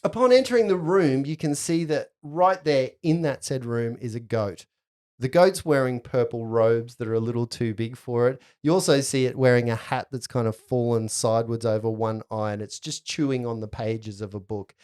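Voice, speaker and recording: A woman's voice: a bass voice, normal speed, darkish tone. A woman running a tabletop game as game master, narrating scenes in a playful way.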